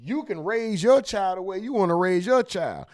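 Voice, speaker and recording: Man, high voice, blunt, profane, emphatic casual commentary host. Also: lively intonation, moderate pace, darkish tone.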